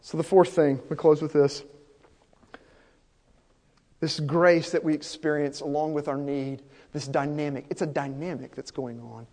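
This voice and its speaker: High-voiced man preaching, hall echo. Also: fairly even intonation, unhurried. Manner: impassioned, swings from hushed to loud. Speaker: pastor. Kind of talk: sermon. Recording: long hall reverb.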